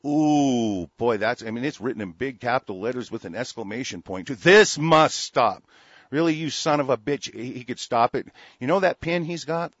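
A man's voice: medium pitch, expressive, fairly quick, hardly any pauses, husky, no echo, dull audio. A man in an angry, profane political rant, heated and repetitive.

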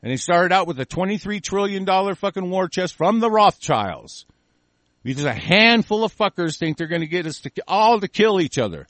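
A man's voice: high-pitched, big pitch swings, a little fast, fairly bright tone, no echo. A man hosting a call-in show, delivering an angry, profane political rant in heated bursts.

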